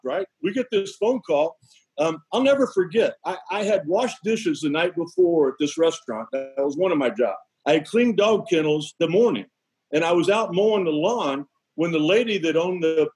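A middle-aged former baseball pitcher telling folksy stories in an interview, acting out the voices of the people in them. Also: male voice, darkish tone, breathy edge, poor audio. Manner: folksy, acts out voices in his anecdotes. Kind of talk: animated storytelling in a podcast interview.

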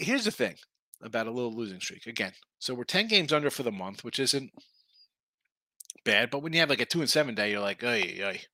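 Bright-voiced man rambling about sports bets. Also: mid-range voice, no room sound. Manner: rambling, repeats himself, talks in betting numbers. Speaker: sports betting show host. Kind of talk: casual sports betting talk.

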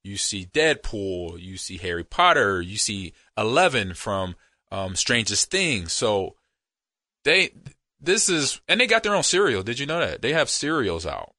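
Forceful low-voiced man chatting casually. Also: big pitch swings, a little slow, no room sound, clean studio sound. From United States. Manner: rambling, easygoing, drops to a low murmur. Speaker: podcast co-host. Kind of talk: casual podcast chat.

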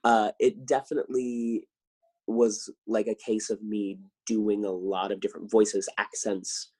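A man talking as a podcast guest, telling animated stories and acting out the lines he quotes. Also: lowish voice, a little slow, slightly rough. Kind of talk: casual interview chat.

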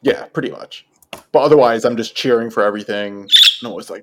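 A man's voice: fairly low pitch, fast talker, very noisy. A man hosting a casual basketball fan podcast, joking and mocking himself, slipping into quoted voices. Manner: joking, self-mocking, animated quoting. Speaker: podcast host.

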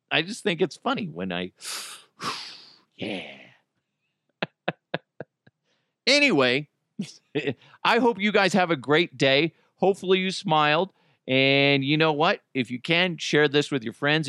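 A man's voice: fairly high pitch, bright, forceful tone, no echo, studio quality. A man hosting his own podcast, talking casually and jokingly, rambling with frequent restarts. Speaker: podcast host. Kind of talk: casual solo podcast monologue.

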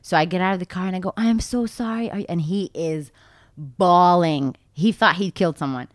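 A young woman casually telling a long personal story, acting out her own remarks in a much higher voice. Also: brisk, dry recording, studio quality. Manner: animated, acts out her own lines in a high voice.

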